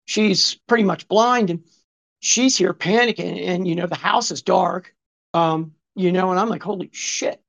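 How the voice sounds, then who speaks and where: Unhurried and gravelly with a slightly bright tone, a high-voiced man in his fifties tells a long, meandering story in conversation. He swears, wanders into asides and quotes people, and the lo-fi recording sounds dull.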